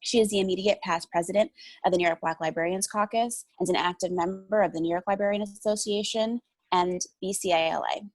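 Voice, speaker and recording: A woman's voice: medium pitch, steady tone, fairly quick, no room sound, poor audio. A woman reading a formal, ceremonious tribute introducing a panel moderator. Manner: earnest, ceremonious delivery.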